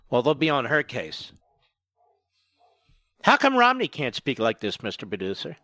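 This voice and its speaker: A man hosting a political talk radio show, emphatic and indignant, firing off rapid points. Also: on the high side, expressive, bright, forceful tone, dry recording.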